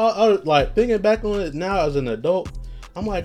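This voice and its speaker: A man's voice: fairly high pitch, animated, normal speed, a little mellow, soft background music. A man hosting a podcast who tells stories in a rambling, profane way and laughs at his own jokes. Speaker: podcast host. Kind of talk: casual storytelling.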